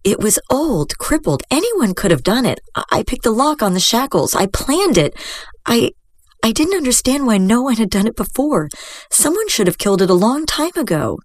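An earnest young girl who slew a dragon pleads her case in a lifted, higher storybook voice, read by a woman. She stumbles over a word now and then, on a dry, close recording. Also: big pitch swings, dry recording. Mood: pleading. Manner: pleading, a little halting.

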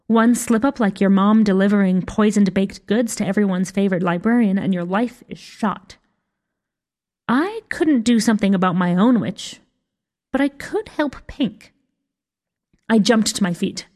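Woman narrator, mid-pitched, wry, reading a storybook tale. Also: measured pace, a little mellow. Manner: wry first-person storytelling. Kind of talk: scripted narration.

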